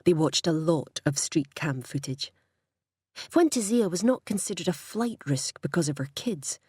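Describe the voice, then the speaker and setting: Woman, audiobook narration, husky, lowish pitch, dry close mic. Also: expressive, moderate pace, a little mellow, no room sound. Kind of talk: scripted narration.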